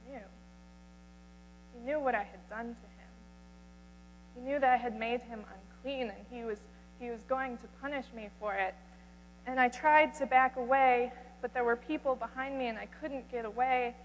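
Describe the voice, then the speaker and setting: A woman speaking as a humble outcast woman who is desperate and then awed, in an earnest first-person retelling with halting restarts. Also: on the high side, fairly even intonation, natural voice. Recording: reverberant hall, faint mains hum.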